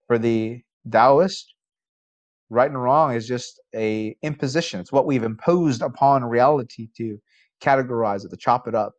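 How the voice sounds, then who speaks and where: Heard in lo-fi sound, a male college philosophy professor lectures with a mid-range voice at normal speed. He's conversational, asks rhetorical questions, and gets animated telling stories.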